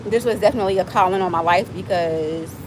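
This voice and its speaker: A woman of forty from Miami, chatting fast and playfully with viewers as host of her own livestream. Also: fairly low pitch, background noise. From Miami, USA. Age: 40s. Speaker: livestream host, nonprofit founder. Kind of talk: casual livestream chat with viewers.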